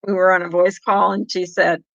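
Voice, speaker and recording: Middle-aged woman, chatty livestream host, rambling talk, frequent laughs, crisp bright voice, dry dull lo-fi mic. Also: on the low side, level tone, fairly quick, no room sound. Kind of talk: casual chat with viewers. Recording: dull lo-fi sound.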